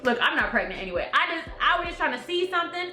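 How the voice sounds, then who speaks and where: A woman's voice: high-pitched, fast, faint music behind. Chatty young woman in an echoey room. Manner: chatty, animated retelling with quoted voices. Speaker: vlogger. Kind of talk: casual storytelling to camera.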